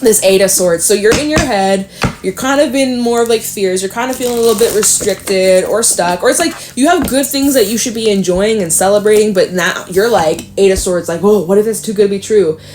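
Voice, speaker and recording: A woman in the middle of a relaxed tarot reading, talking straight to the viewer in a loose, chatty way. She is upbeat and encouraging, drops swear words casually and breaks into laughter easily. Her pitch sits at an ordinary middle height. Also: a little fast, noisy background. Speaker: tarot reader.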